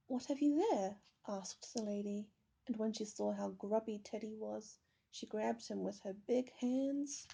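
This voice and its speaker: A woman reading a children's picture book aloud, with gentle, measured storytelling. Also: on the high side, vocal fry, breathy edge. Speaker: storybook reader.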